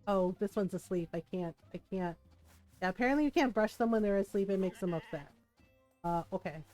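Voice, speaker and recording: Soft music plays behind a woman chatting while she plays a video game. Her mid-range voice is brisk and darkish, and she rambles with frequent laughter.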